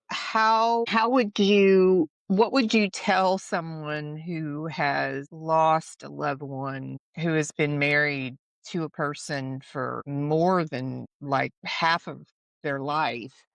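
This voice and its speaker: A woman hosting a podcast interview, asking questions softly and in a measured way. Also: sits low, fairly even intonation, creaky, dry recording. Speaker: podcast host.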